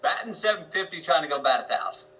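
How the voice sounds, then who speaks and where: A man in his fifties, a guest actor, telling a long story in an interview with a slow drawl, murmuring his inner lines. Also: fairly high pitch, animated, sharp tone, low-quality recording. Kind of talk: storytelling interview on a video call.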